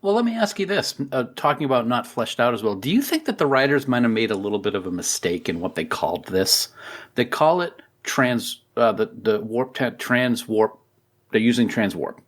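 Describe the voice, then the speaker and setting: A man's voice: medium pitch, lively intonation, normal speed. Chatty male podcast co-host. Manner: enthusiastic, laughs often, wonders aloud. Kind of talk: casual podcast chat.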